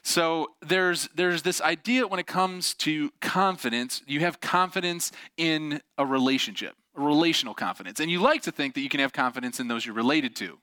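A man's voice: fairly high pitch, moderate pace, few pauses, dry recording. A man giving a casual, story-driven sermon, animatedly acting out the voices of the people in his stories. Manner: animated, acts out quoted voices. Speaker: preacher.

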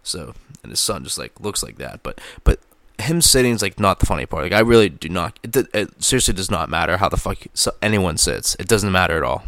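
A man's voice: low-pitched, expressive, a little fast, hardly any pauses, a bit bright, no room sound. A man vlogging into a close mic, rambling in casual, profane commentary full of fillers. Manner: profane, filler-heavy, laughs at own jokes. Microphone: close microphone.

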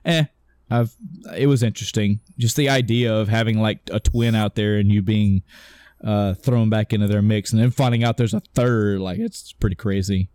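A man's voice: on the low side, steady tone, moderate pace, darkish tone, dry recording. A man co-hosting a casual podcast chat, rambling and correcting himself as he retells a story, swearing offhand and acting out the characters' lines. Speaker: podcast co-host.

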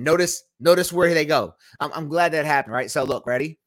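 A man's voice: fairly high pitch, a little fast, no echo, studio quality. A man hosting a podcast at home, teaching a casual Bible study in an emphatic, argumentative way.

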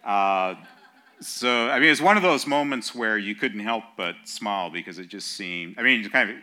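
Low, bright-voiced man speaking as a guest. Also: expressive, moderate pace. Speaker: guest speaker, professor of theology. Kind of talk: lecture-style sermon opening.

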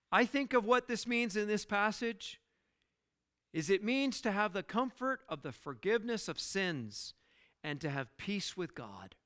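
A high-pitched male pastor preaching in a slow, deliberate rhythm. His voice is smooth and clear, and he leans on rhetorical questions and repeated words. He preaches with earnest conviction. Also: fairly bright tone. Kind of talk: sermon.

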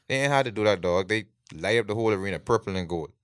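A man's voice: fairly low pitch, expressive, fast talker, fairly bright tone, smooth, no room sound, studio quality. A man, co-hosting a casual chat in a laid-back way, laughing often. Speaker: podcast co-host.

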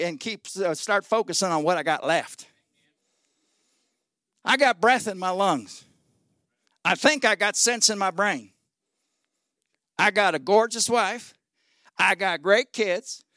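High, bright-voiced preacher in his sixties. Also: no room sound, clean studio sound. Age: 60s. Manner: folksy, exhorting with 'come on, somebody'; swings between loud shouting and low asides. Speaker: guest pastor. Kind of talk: sermon.

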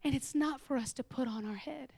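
A woman preaching a sermon to a church, animated and laughing, sometimes dropping into whispers. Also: sits high, fairly quick, vocal fry, slightly rough, dry recording.

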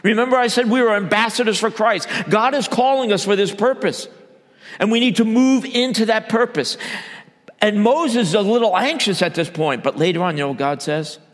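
A man delivers a sermon as a church elder, his voice sitting a little high for a man. He moves between loud emphatic bursts and low, quiet asides. The long reverb of a large hall trails every phrase. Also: normal speed.

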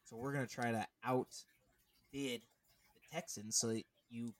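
Animated man chatting sports stats. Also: medium pitch, a little slow, no echo. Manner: animated, rambling, reads stats aloud. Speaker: podcast co-host. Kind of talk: casual sports chat.

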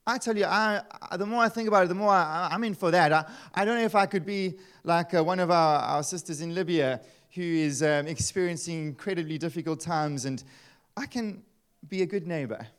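Lively pastor preaching. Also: male voice, on the high side, fairly quick, clear, resonant tone. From South Africa. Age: 30s. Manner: lively and conversational, with frequent asides and rhetorical questions. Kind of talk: sermon.

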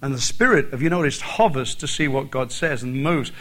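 An Irish man delivers a sermon at middle pitch. He leans on repetition, saying key phrases twice or three times to hammer them home, and his talk runs between plain explanation and rising exhortation. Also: lively intonation, a little fast, fairly bright tone, rough recording. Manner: emphatic, repeats phrases for stress. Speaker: visiting preacher.

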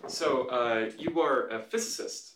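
Male podcast host, average pitch, chatty interviewer who stumbles and restarts his questions. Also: noisy background. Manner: halting questions with many restarts. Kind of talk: conversational interview.

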